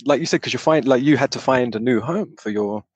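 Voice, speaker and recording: A man's voice: medium pitch, fairly quick, breathy edge, no room sound, dull audio. A young man hosting a podcast, asking rambling, hesitant questions full of "like.". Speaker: podcast host. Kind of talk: casual interview.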